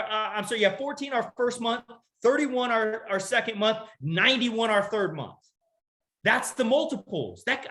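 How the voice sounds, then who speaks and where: High-pitched guy doing a sales trainer pep talk, lots of rhetorical questions, says the big lines twice. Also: a bit bright. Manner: punchy, rhetorical questions, call-and-response; repeats key lines for emphasis. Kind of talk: motivational talk to an audience.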